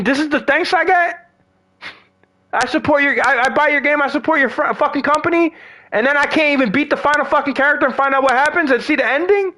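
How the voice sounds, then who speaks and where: A man with a strikingly high, bright voice rants casually about games, swearing freely and trailing off into slangy asides. His delivery is exasperated and conversational. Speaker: gaming vlogger. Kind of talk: ranting casual monologue.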